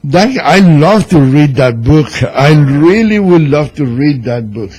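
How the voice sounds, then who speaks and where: Man, cuban spanish accent, husky voice, slightly high, slow, opinionated radio talk. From Cuba. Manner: opinionated, animated, broken grammar. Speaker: columnist and radio guest.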